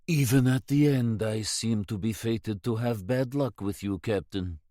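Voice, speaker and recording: Male reader as a sly Russian villain, calm and quiet, low and dry. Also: slow, no echo. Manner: calm, soft-spoken. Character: cunning Russian man, calm and treacherous.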